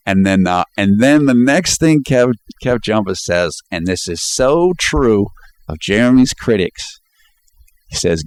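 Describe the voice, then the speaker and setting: Low-voiced man breaking down a video. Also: lively intonation, a little slow. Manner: chatty, quotes lines with laughs. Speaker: commentator. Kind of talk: casual video commentary.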